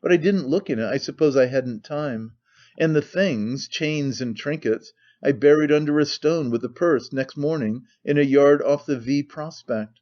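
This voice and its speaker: A man's voice: on the high side, normal speed, a little mellow, natural voice. Man voicing a tormented young man, weary, bitter, brooding, muffled audiobook sound. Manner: weary, brooding, bursts of despair.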